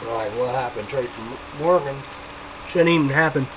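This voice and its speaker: A young man vlogging a casual review, rambling, swearing and shouting hype catchphrases. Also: medium pitch, normal speed, slight background noise, low-quality recording.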